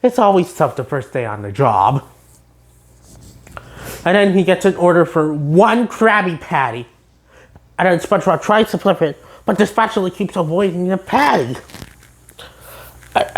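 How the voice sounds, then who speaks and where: A woman's voice: lowish voice, animated, moderate pace, pauses often. Giggly woman recapping a cartoon. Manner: giggly, chatty retelling. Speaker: cartoon episode reviewer. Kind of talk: casual episode recap.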